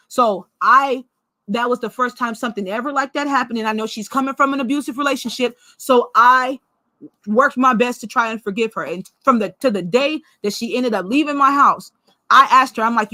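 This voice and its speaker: Blunt, profane woman with a bright voice. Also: on the high side, fairly quick, no echo. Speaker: vlogger. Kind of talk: casual personal storytelling.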